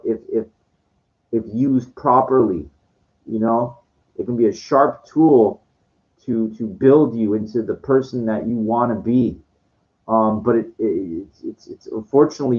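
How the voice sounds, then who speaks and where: A man in his forties ranting about his life, with many stammered restarts, frequent swearing and exasperated outbursts. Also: lowish voice. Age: 40s. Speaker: monologue speaker. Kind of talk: rambling personal rant. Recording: dull lo-fi audio.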